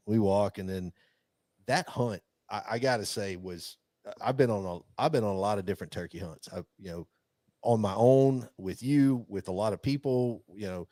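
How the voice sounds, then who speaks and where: Warm-toned with a lowish voice and no echo, a man co-hosts a podcast and chats casually. He meanders through a hunting story, often restarting and chuckling.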